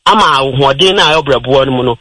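A man's voice: mid-range voice, quick pace, sharp tone, husky, no echo, poor audio. A Ghanaian man presenting a radio health talk, explaining step by step and mixing in English terms. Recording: radio broadcast.

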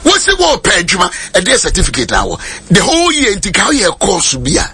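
A Ghanaian man preaching a sermon in a shouting, sing-song style. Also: high-pitched, huge pitch swings, a little fast, faint music behind.

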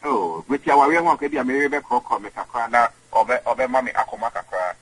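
A man, rambling in halting speech with many repeated words as an interview guest on radio. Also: mid-range voice, animated, fairly bright tone, breathy edge, low-quality recording. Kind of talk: casual interview.

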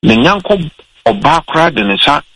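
Man, gravelly, bright tone, mixing Twi and English while telling a story on air. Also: on the high side, very animated, normal speed, low-quality recording. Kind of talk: casual radio talk.

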